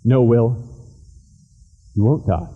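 A man voicing God as a calm, firm voice speaking out of the darkness. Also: mid-range voice, takes it slowly, breathy edge, phone-quality sound, faint music behind. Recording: echoey church hall.

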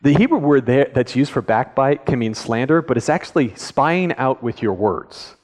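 A man's voice: mid-range voice, animated, moderate pace, a little mellow. A male pastor giving a conversational sermon, often checking in with the audience with questions. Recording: echoey hall.

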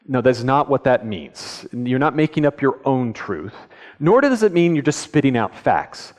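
A man's voice: mid-range voice, very animated, normal speed, a little mellow. A male pastor giving a conversational sermon, often checking in with the audience with questions. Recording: echoey hall.

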